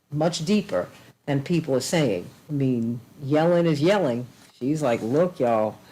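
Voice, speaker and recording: A woman's voice: deep voice, darkish tone, a little hiss or hum, poor audio. A woman hosting a talk show and signing off, effusive and emphatic, repeating blessings and affection with a preacherly rhythm.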